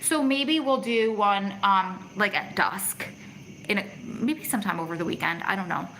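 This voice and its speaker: A woman's voice: medium pitch, normal speed, a bit bright, poor audio. A middle-aged woman hosting a casual livestream outdoors on her phone, chatty and reading out viewers' comments as she answers them. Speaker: vlog host reading live chat. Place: outdoors in the city at evening.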